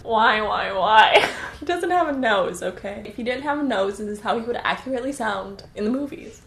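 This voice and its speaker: A young woman vlogging casually and reading her old writing aloud in a self-mocking, animated way. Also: mid-range voice, moderate pace, gravelly. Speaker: YouTuber. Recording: echoey room with faint music.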